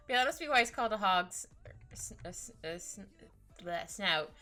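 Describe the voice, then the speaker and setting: A woman chatting casually with her stream while she draws, rambling, giggly and easily excited. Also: mid-range voice, moderate pace, faint music behind. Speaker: streaming artist.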